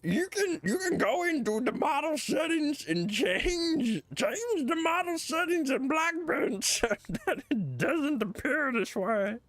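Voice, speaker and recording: Giggly man with lively pitch. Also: slow pace, hardly any pauses, no echo. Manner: giggly, playful, laughs constantly. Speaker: gaming YouTuber. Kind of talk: casual gameplay commentary.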